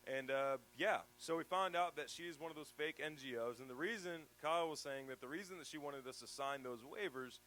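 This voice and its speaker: A man giving a casual storytelling talk to a live audience at a festival. He talks in a chatty, animated way, laughs often and uses lots of fillers. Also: fairly high pitch, a little fast, few pauses, a little hiss or hum. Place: event venue before an audience.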